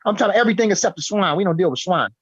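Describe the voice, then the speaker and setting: A man from Chicago with a Chicago African American accent, talking in an animated, slangy way and often repeating words at the start of sentences. His voice is a little husky. The recording is dull and dry, as if it came from a modest mic in a dead room. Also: sits high, rapid-fire, no echo. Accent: Chicago African American English. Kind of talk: casual discussion.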